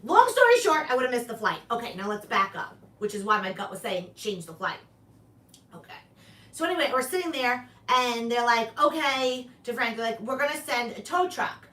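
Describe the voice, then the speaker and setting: Vlogging woman, bright voice, animated storyteller doing the voices herself, recorded a bit off-mic in an echoey room. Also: a little high, moderate pace, recorded from a distance. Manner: animated, acts out both sides of conversations, sound effects. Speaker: comedian vlogger. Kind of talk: casual storytelling monologue. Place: apartment room.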